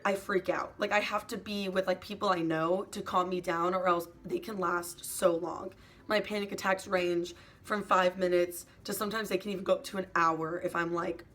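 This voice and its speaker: A young woman YouTuber talking in a soft, hesitant confessional vlog, full of "like" fillers and sometimes close to tears. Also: fairly low pitch. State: emotional, near tears at times.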